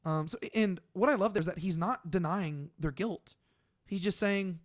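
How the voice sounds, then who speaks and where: A young man co-hosting a casual Bible study talk, conversational and animated, with lots of filler "like"s. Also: high voice, normal speed. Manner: conversational, uses many "like"s, animated when paraphrasing. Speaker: podcast co-host.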